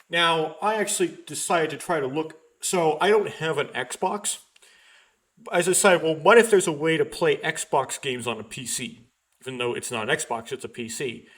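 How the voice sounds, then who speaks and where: Young guy with a slightly high voice chatting loosely about a game, lots of ums and restarts. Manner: rambling, self-correcting, many ums. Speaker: let's player. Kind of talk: casual gameplay commentary.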